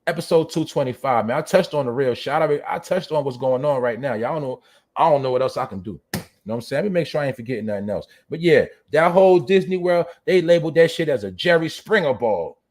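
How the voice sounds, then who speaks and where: A man's voice: on the high side, lively intonation, fast talker, darkish tone. A man hosting a livestream show, ranting bluntly and profanely at his viewers and reading the chat. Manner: profane, blunt, preachy, talks straight to viewers. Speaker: show host. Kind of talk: livestream commentary rant.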